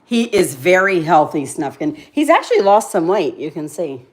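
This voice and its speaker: A woman's voice: on the low side, big pitch swings, normal speed. Chatty, laughing woman livestreaming. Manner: chatty, self-deprecating, laughs often. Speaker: livestream host. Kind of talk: casual livestream chat with viewers.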